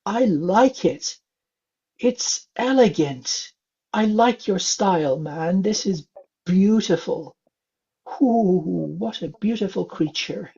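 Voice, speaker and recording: A man from England giving a calm spiritual reading, speaking gently with many filler sounds. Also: sits high, takes it slowly, gravelly, slightly rough. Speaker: spiritual reader. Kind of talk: psychic reading session. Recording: dull lo-fi sound.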